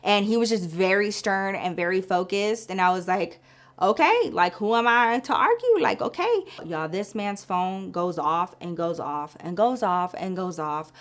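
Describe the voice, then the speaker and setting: A woman in her thirties telling a story to her viewers in a casual, animated way, swearing freely. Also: on the low side, unhurried, few pauses. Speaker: vlogger.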